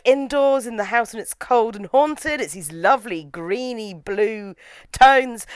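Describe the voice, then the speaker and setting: A young woman reviewing a horror film in casual chat, animated and opinionated with quick asides. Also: fairly high pitch, clean tone, dry recording. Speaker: film reviewer, podcast co-host.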